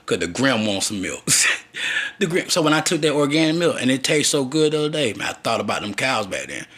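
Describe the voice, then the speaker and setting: A man's voice: mid-range voice, very animated, fast talker, fairly bright tone. A man telling a crude, profane, rambling story about his childhood.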